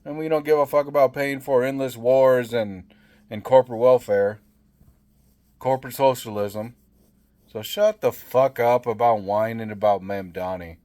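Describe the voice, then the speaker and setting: A man's voice: mid-range voice, steady tone, moderate pace, dark tone. A man ranting angrily about politics, swearing constantly and tripping over restarts. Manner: profane, heated, repetitive stammering restarts. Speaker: political commentator. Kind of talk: angry political rant to camera.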